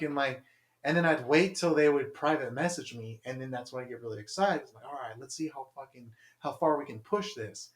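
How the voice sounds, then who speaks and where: A young man co-hosting a podcast chats casually at a moderate pace and medium pitch, wandering through anecdotes peppered with "like" and dramatized quotes. The sound carries a roomy echo.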